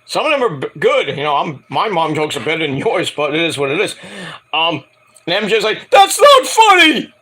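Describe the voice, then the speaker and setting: A man rattles through a wrestling show review in a casual, rambling way, swearing freely and breaking into mocking asides. His voice sits high and swings widely in pitch. The tone is bright and sharp. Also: a little fast, slightly rough. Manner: excitable, profane, rambling, mocking impressions. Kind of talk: casual recap vlog.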